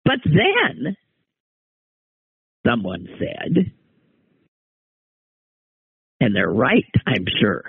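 A man's voice: medium pitch, wildly swooping pitch, very slow, creaky, pauses often, husky, no room sound. A man hosting a casual solo monologue, rambling and wry, often trailing off and starting over. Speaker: podcast host. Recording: tinny phone-like dry sound.

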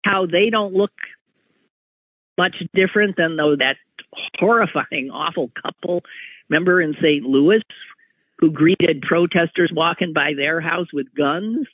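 Male talk host, slow and husky, opinion monologue over a tinny phone-like line. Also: fairly high pitch, dry recording. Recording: tinny phone-like radio audio.

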